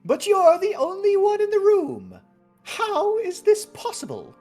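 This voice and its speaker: Woman doing a squeaky little spooky ghost. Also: big pitch swings, a little slow, darkish tone, faint music behind, heavily acted. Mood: playful. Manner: sing-song, spooky teasing. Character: small sheet-covered ghost, playful riddler.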